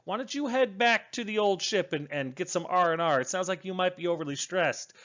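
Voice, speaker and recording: A man doing a calm, soothing engineer. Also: sits high, a little fast, highs cut off, pitched above the performer's own voice. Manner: soothing, reasonable. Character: calm male engineer talking someone down.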